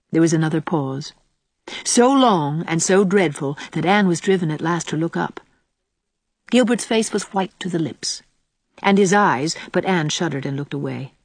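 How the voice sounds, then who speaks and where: A woman narrating a novel in a measured, expressive storytelling voice. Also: on the low side, no echo. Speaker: audiobook narrator. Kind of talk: scripted narration.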